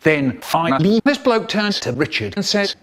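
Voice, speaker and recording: A man tells a comic story. His pitch swoops widely as he acts it out, and he sits a little higher than most men. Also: expressive, moderate pace, fairly bright tone. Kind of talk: comic storytelling, spliced from clips.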